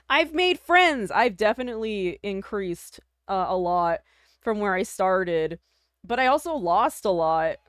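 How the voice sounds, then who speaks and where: A woman's voice: medium pitch, big pitch swings, slow, clean tone, dry recording, clean studio sound. A woman streaming live, chatting casually with her viewers, self-deprecating, laughing often and swearing freely.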